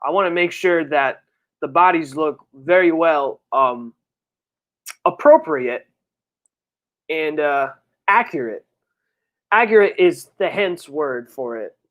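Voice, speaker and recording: A streamer chatting casually on a live birthday stream, reading viewer messages and rambling in slang, with sudden high, excited outbursts. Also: slow pace, long pauses. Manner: rambling, slangy, full of fillers. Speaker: livestreamer and comic creator.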